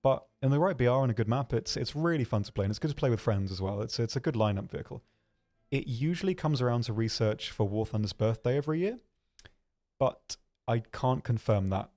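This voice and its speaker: A man hosting a livestream, answering viewer questions in a hesitant, rambling way with dry, deadpan humor. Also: medium pitch, brisk. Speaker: livestream host.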